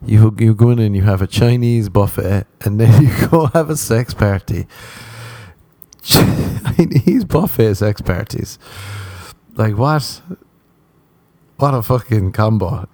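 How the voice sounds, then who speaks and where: A man's voice: lowish voice, expressive, slow pace, dark tone, no echo. Profane, self-mocking man on a podcast. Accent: non-American. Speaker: podcast host. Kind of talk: casual solo podcast rambling.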